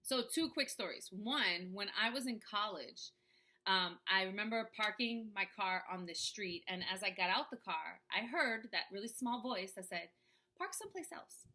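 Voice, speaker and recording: A woman's voice: medium pitch, normal speed, sharp tone. A woman coaching viewers in a casual talk to camera, checking in with "right?" as she goes. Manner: conversational, often asks "right?".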